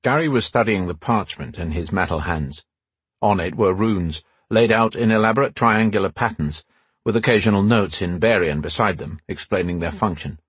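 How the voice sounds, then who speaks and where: A man narrating a novel in an even, measured way, his voice very breathy. The recording is dry and close, with no room in it. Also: sits low, no echo. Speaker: audiobook narrator. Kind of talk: scripted narration.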